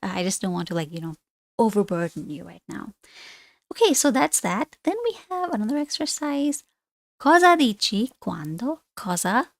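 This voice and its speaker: A woman's voice: mid-range voice, animated, normal speed, creaky, dry recording. Chatty woman teaching a language lesson. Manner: chatty, rambling asides with self-corrections. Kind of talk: online lesson explaining on screen.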